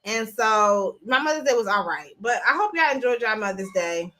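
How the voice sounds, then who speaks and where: Woman streamer, high bright voice, chatty and blunt, casual live talk on a phone. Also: animated, moderate pace.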